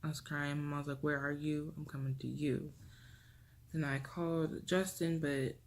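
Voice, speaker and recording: A young woman speaks straight to her viewers in a personal vlog, her voice carrying a gravelly fry. She talks in an emotional, halting way, restarting sentences and dropping to a soft hush. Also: sits low, level tone. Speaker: vlogger. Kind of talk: personal storytelling to camera.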